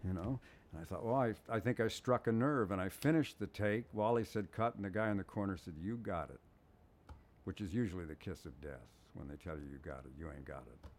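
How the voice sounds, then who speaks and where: An older man with a very low, deep voice tells an interview anecdote about his work as a voice actor. He recounts it as an animated storyteller, slipping into the voices of the people he quotes. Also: fast talker, slight background noise.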